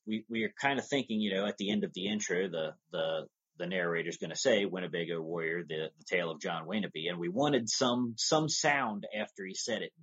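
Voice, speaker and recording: A man's voice: lowish voice, slightly rough, muffled recording. A man talking as a podcast guest about his audio drama work, in an easygoing, rambling storytelling manner. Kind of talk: casual interview talk.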